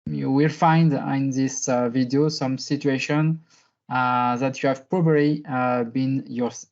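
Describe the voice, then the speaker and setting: A man's voice: mid-range voice, a little mellow. Hesitant man presenting online. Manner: hesitant, with many fillers. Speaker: conference presenter. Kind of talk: online conference talk. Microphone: video call. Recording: slightly muffled online call.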